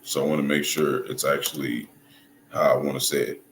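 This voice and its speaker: A man giving casual video commentary as a religious commentator, halting and hunting for words, often checking in with his listeners. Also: very deep voice, fairly even intonation. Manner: halting, restarts and hunts for words, checks in with "right?" and "you see?". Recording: echoey room with faint noise.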